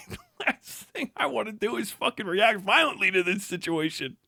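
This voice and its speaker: A man's voice: high voice, big pitch swings, moderate pace, gravelly, sharp tone, breathy edge, no echo, clean studio sound. A man in his thirties hosting a livestream, ranting angrily and profanely with insults and bursts of laughter. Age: 30s. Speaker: livestream host. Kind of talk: angry livestream rant.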